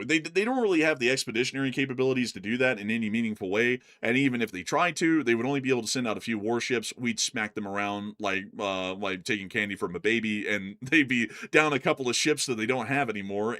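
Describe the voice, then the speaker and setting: An American man co-hosts a live stream, answering viewer questions casually and conversationally with frequent fillers and restarts. His voice is mid-range and a bit bright.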